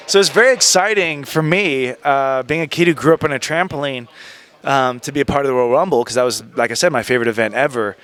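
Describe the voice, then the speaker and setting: Animated man with a bright voice. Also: mid-range voice, clear, resonant tone. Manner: animated, puts on voices of others. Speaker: guest. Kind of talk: casual interview storytelling.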